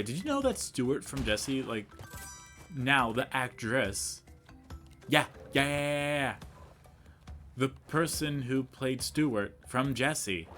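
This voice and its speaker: A man's voice: mid-range voice, a bit bright. A young man giving casual let's play commentary, rambling through a story and talking to the game as he plays. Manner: rambling storyteller, chatty and self-mocking, talks to the game.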